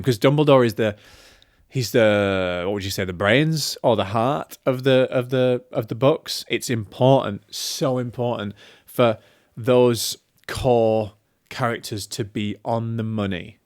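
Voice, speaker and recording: A man's voice: medium pitch, a little slow, dry recording, clean studio sound. A man hosting a casual film review show, talking in a chatty, opinionated way with plenty of fillers and restarts.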